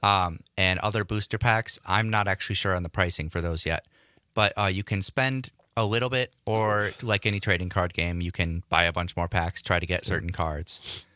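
Male radio co-host, deep and bright-edged, casual and hesitant, dry studio. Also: steady tone, normal speed, dry recording.

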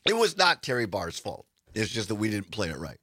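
A middle-aged man hosting live talk radio from a studio. He is slightly hoarse, and he talks in an upbeat, chatty way with fillers. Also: fairly low pitch, huge pitch swings, brisk, bright, forceful tone, dry recording. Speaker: radio talk show host.

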